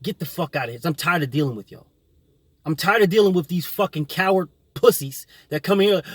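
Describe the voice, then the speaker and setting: A man's voice: high-pitched, animated, fairly quick, no echo. A man hosting his own boxing channel, delivering a combative, profane opinion rant full of repetition.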